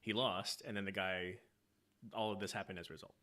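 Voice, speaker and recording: A man's voice: deep voice, steady tone, brisk, bright, forceful tone. A man co-hosting a casual podcast, chiming in and giving listeners context. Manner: chimes in with short agreements, gives context to listeners. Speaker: podcast co-host. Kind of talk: casual chat.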